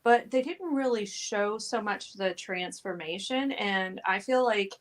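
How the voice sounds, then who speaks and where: A woman talking as a guest in a casual book discussion, chatty with many fillers and quick laughs. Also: mid-range voice. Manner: chatty, giggly, many "you know" fillers. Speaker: guest co-host. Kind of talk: casual chat.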